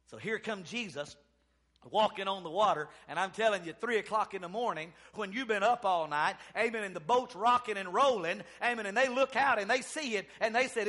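A man preaching a sermon, swinging between loud exclamations and hushed, drawn-out storytelling. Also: high voice.

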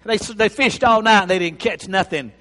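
Lively high-voiced preacher, echoing hall. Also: male voice, moderate pace. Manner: storytelling, acts out scenes, chuckles. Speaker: pastor. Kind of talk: sermon.

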